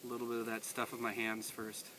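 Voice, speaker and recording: Relaxed man training a dog outdoors. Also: medium pitch, fast talker. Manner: relaxed, talks to the dog between explanations. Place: outdoors in a field by water. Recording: distant outdoor mic with noise.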